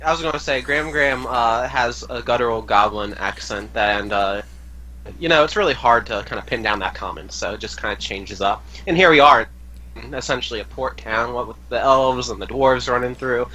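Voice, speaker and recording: Joking guy at a game table, bright voice. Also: medium pitch, moderate pace. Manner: jokey, laughing. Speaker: player.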